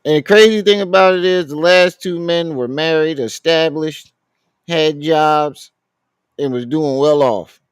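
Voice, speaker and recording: A man's voice: a little high, measured pace, smooth, no room sound. A man hosting a casual live commentary stream, reading out the chat and talking back at a clip.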